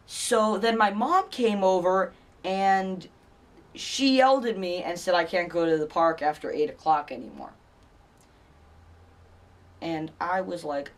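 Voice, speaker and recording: A man's voice: sits high, a little slow, long pauses, far from the mic. A teenage boy vlogger telling a story in a rambling way, with many fillers and restarts. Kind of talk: casual storytelling vlog.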